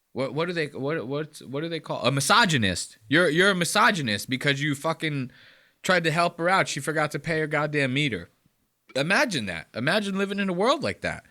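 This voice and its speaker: Ranting, lively-voiced male podcast host. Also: on the high side. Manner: ranting, profane, incredulous. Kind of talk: reaction commentary on clips.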